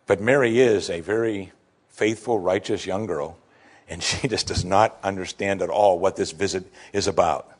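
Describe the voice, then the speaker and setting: A man preaching a sermon, emphatic and animated, acting out quoted lines from the scripture. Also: low-pitched, moderate pace. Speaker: pastor.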